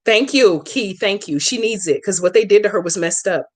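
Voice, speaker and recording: A woman's voice: medium pitch, brisk. A woman hosting a live stream, chatting casually with viewers by name and talking back to their comments in a blunt, profane, outspoken way.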